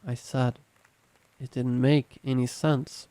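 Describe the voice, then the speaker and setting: A man narrating a scripted horror story in a measured, tense storytelling manner. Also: mid-range voice, flat delivery, dark tone, dry recording.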